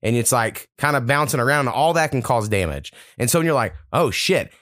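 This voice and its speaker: A man's voice: mid-range voice, animated, fast, a bit bright, no room sound, clean studio sound. A young man, hosting a casual podcast and telling long, profane, rambling stories. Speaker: podcast host.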